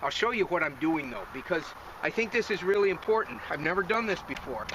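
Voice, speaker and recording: A man hosting a fishing show on a river bank, out of breath and excitedly talking viewers through his catch in a folksy way. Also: high-pitched, a little fast, highs cut off, noisy background. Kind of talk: outdoor fishing commentary.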